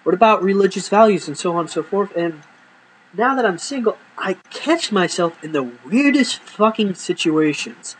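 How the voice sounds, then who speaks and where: A man's voice: high-pitched, expressive, normal speed, a little hiss or hum, low-quality recording. A man telling rambling, profane comic stories from his life and acting out the dialogue. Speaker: comedy storyteller. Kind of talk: casual comedic storytelling.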